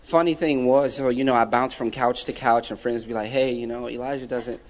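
A young man tells his own story before a church gathering, breaking into the voices of friends as he goes. His delivery is animated and heartfelt. The sound carries a long reverb from a large hall. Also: mid-range voice, a little fast. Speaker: church guest giving a testimony. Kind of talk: personal testimony.

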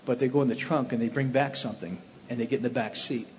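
A man's voice: medium pitch, quick pace, a little hiss or hum. Man telling a story in a roomy hall. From Cleveland area. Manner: plainspoken, animated storytelling with restarts. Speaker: speaker telling his testimony. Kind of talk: personal testimony storytelling.

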